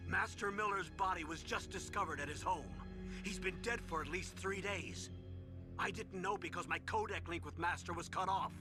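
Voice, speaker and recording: A woman's voice: lowish voice, moderate pace, over music, lightly acted. An actress playing an anxious female support officer in a video game, urgently reporting news over the radio.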